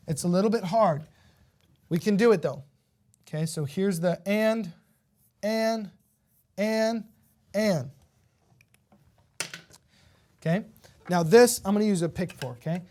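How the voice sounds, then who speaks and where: A woman's voice: medium pitch, darkish tone. A woman teaching a beginner ukulele lesson, counting beats aloud and checking in patiently with her students. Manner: patient, encouraging, checks in with "okay?" often.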